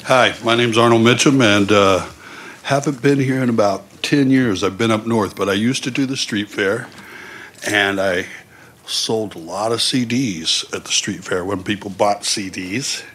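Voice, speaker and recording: A man's voice: on the low side, measured pace, fairly bright tone, slight background noise. A man who is a musician introducing himself to a board in a laid-back, rambling way, with many fillers. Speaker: musician applying as vendor. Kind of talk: casual self-introduction.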